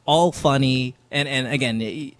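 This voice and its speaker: A man's voice: mid-range voice, a little slow. A man hosting a talk show in casual chat, loose and rambling, swearing freely. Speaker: radio talk show host.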